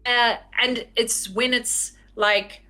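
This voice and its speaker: A woman chats as a podcast guest in a bright, somewhat high voice. Her speech is animated and rambling, full of "like" and quick self-deprecating laughter. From South Africa. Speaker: podcast guest, game master. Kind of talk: casual interview chat.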